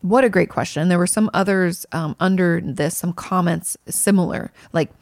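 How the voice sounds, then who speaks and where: A woman in her thirties talks through viewer questions in an earnest, conversational way, leaning on fillers and emphasis. Her voice sits low with a gravelly fry. The sound is dry and close. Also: moderate pace, darkish tone, dry recording. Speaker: mental health creator answering viewer questions. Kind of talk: casual Q&A monologue.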